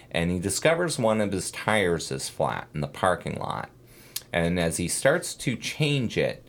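A man hosting a casual true crime podcast, telling the case in a rambling way with many fillers and self-corrections. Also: low-pitched.

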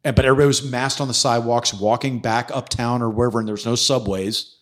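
A man's voice: medium pitch, quick pace. A middle-aged man, a former police detective, telling a story in a casual interview, acting out what people said and swearing freely. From New York City. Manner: animated storyteller who acts out quotes, swears freely.

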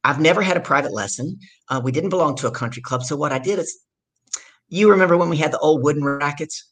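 A woman from the Deep South, a guest on a podcast, telling her story in a loud, energetic way. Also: fast, breathy edge. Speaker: guest, leadership coach.

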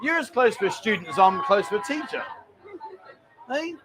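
Chatty man with a high voice. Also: animated, normal speed, noisy background. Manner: chatty and joking, reads out viewer messages. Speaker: live stream host. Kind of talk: casual live stream chat. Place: busy bar.

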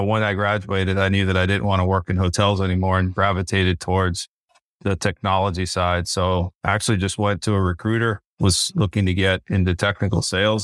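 A man talking as a podcast guest, telling his career story in a relaxed way with fillers and restarts. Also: deep voice, no room sound, studio quality. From North Carolina. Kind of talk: casual interview.

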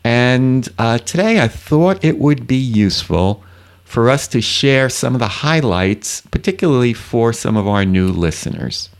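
An older man with a New York accent hosts a podcast. He talks in a relaxed, joking way. His voice sits at an ordinary middle pitch. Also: unhurried, clear, resonant tone. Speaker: podcast host, retired orthodontist. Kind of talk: casual podcast chat.

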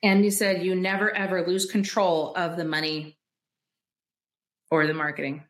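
A woman entrepreneur tells candid stories in an interview, with a somewhat low voice. She brings her tales to life by acting out quoted dialogue and laughing often. The room around her has a noticeable echo. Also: little pitch movement, normal speed. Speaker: guest entrepreneur.

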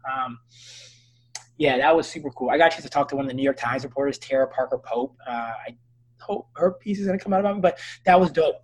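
A man in his thirties, a doctor, talking earnestly in a casual interview and telling animated stories with frequent restarts. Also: on the high side, quick pace, breathy edge, poor audio. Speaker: physician and interview guest.

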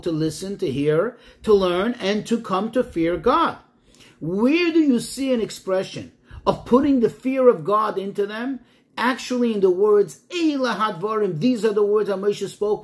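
Methodical rabbi teaching a Torah lesson. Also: male voice, high-pitched, darkish tone. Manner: methodical, rhetorical questions, quotes texts.

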